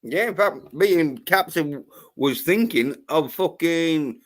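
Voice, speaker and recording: Slow, profane ranting man. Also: fairly high pitch, lively intonation. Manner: angry, swears constantly, rambling. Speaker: livestream host. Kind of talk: profane livestream rant.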